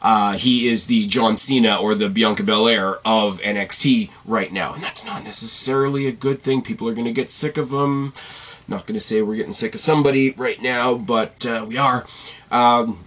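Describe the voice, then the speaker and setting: A man's voice: on the low side, normal speed. Tired, rambling male wrestling vlogger. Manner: rambling, profane and animated. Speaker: wrestling video host. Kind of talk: casual solo commentary.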